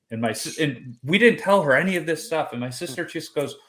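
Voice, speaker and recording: A man hosting a podcast, telling a personal story in a lively conversational way and acting out the voices he quotes. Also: a little high, brisk, hardly any pauses. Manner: animated storyteller who acts out quoted voices. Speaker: podcast host.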